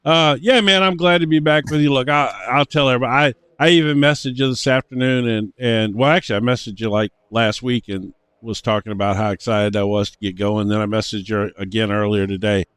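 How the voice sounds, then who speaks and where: A man chats through a race broadcast, rambling and repeating himself with plenty of fillers. His voice is smooth and resonant. The sound is close and dry. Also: mid-range voice, steady tone, a little fast, few pauses, a bit bright, no room sound. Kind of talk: casual race broadcast banter.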